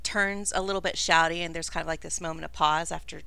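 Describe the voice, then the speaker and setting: A woman's voice: low-pitched, steady tone, fast, creaky, sharp tone, smooth. A woman narrating a tabletop game as game master in a chatty way, with many fillers.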